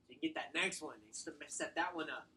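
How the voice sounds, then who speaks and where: Bright-voiced upbeat male sales trainer. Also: fairly high pitch, fast, a little hiss or hum. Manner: direct, upbeat coaching. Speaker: sales trainer leading a workshop. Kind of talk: workshop teaching.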